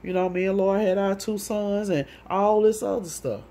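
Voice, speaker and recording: A woman telling a rambling personal story in a casual monologue, profane and animated, often acting out what others said. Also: medium pitch, normal speed.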